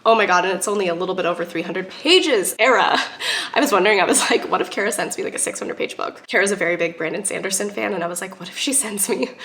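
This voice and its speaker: A young woman hosting a casual book vlog, gushing and gasping with excitement as she unwraps a gift. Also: mid-range voice, fast. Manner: gushing, excitable, lots of gasps and exclamations. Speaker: booktube host. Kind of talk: casual unboxing chat.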